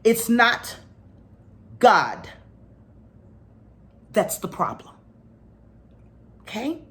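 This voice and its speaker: A woman's voice: on the high side, sing-song, extremely slow, a bit bright, a little hiss or hum. A middle-aged woman telling a personal story to her spiritual followers, dropping to a near whisper at heavy moments. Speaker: spiritual teacher.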